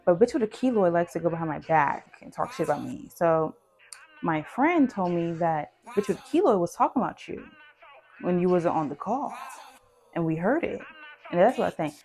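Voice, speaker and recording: Young woman w/ aave cussing thru a heated storytime rant, lowish voice, loud music under it. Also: expressive, normal speed. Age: 20s. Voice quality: profane, blunt and heated. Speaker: vlogger. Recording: music playing loudly behind.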